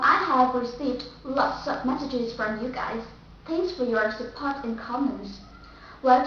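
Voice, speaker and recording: A woman's voice: high voice, slight background noise. A woman from Vietnam with a Vietnamese accent, teaching English pronunciation and carefully repeating example words. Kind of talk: pronunciation lesson. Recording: echoey, distant, dull mic.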